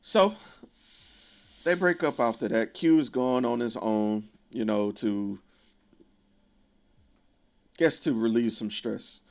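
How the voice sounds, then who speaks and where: A man's voice: medium pitch, slow pace, vocal fry, pauses often. A man casually retelling a film plot in a profane, conversational way with wry asides. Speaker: video creator.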